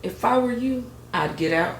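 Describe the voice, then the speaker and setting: A woman's voice: a little high, expressive, normal speed, gravelly, roomy sound, slight background noise. Woman doing a seething jealous young woman. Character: jealous young woman, hot-tempered, confronting a lover.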